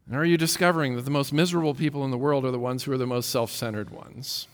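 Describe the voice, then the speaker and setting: A man's voice: medium pitch, fairly even intonation, quick pace, big-room sound. A man preaching a sermon, emphatic and full of rhetorical questions, often repeating words as he builds his point. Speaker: pastor.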